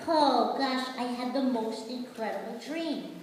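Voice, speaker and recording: A woman's voice: a little high, a little slow, a little mellow, slight background noise, natural voice. A woman voicing a tiny, shy but polite boy hero in a live puppet show. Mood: excited. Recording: echoey hall from far off.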